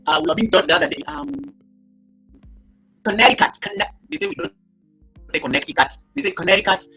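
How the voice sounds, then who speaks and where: A man with a high, bright voice and a husky edge hosts a casual live stream from his home set. He shifts from loud, animated greetings to quiet muttered asides as he reads the chat. Faint music plays behind him. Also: brisk, low-quality recording. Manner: greets viewers by name and reads chat comments aloud. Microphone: laptop mic.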